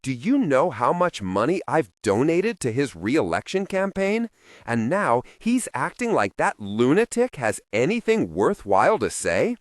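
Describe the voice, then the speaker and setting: Hot-tempered mob boss, voiced by a male narrator, loud and threatening, heavy swings in tone. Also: mid-range voice, huge pitch swings, unhurried, dry recording, studio quality, voice pushed up. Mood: indignant. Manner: yelling, blustering, menacing.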